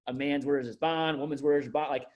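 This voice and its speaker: Speaking fast in a slightly high, steady voice, this district manager gives his staff a loose onboarding talk. It's rambling and filler-heavy, with lots of restarts.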